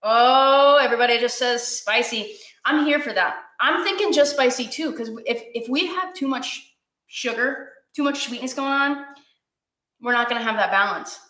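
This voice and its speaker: Teary, bright-voiced woman hosting a cooking class. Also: on the high side, normal speed, reverberant. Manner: chatty, encouraging, talks to viewers while cooking. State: teary and sniffly from cutting onions. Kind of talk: live-streamed cooking class.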